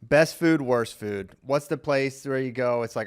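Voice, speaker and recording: A man's voice: mid-range voice, moderate pace, clear, resonant tone. A man hosting a casual podcast, upbeat and joking as he runs the show. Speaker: podcast host.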